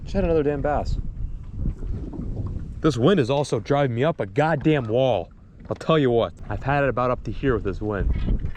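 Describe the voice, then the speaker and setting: A young man vlogging while fishing from a boat on a small lake, excitable and self-mocking, swearing often. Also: medium pitch, fairly quick. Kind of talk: casual vlog talk to camera. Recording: outdoor wind and engine noise.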